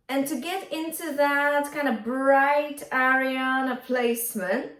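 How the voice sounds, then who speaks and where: A woman vocal coach giving a singing lesson, talking viewers through exercises and singing short bright demonstration notes. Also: sits high, measured pace. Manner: encouraging, addresses viewers directly, demonstrates bright twangy sung notes. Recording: roomy sound from a bit off the mic, faint music.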